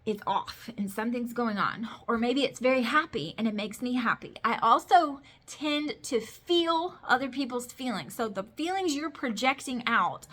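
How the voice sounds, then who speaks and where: Fairly high-pitched and sharp, this woman's voice belongs to a vlogger in her thirties, a mother of boys. Talking casually to camera about her life, she tells stories emphatically and says "like" a lot.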